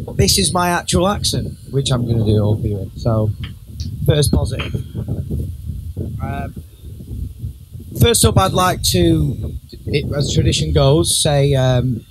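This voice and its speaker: A man giving a best man's speech at a wedding reception, joking and teasing the guests with lots of pauses and ums. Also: fairly high pitch. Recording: clear background noise.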